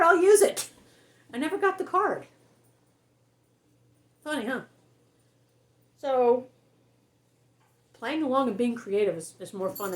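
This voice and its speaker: A woman vlogger giving casual advice to camera, chatty, laughing often and acting out her phone replies. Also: on the high side.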